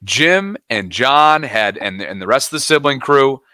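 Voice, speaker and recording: A young man co-hosting a sports podcast, retelling moments in an animated, play-by-play way. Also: mid-range voice, a little slow, dry recording. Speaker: podcast co-host. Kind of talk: casual sports chat.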